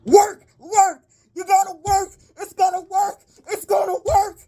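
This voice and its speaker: A woman's voice: very high voice, level tone, a little slow, mellow, pitched above the performer's own voice. A woman mimicking a frightened, desperate person pleading and near sobbing over magic that is failing.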